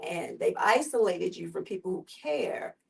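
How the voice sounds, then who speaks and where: A woman guest with a gravelly voice telling her personal story in an earnest, unhurried way. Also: fairly low pitch, expressive, distant mic, poor audio. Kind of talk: personal testimony in conversation.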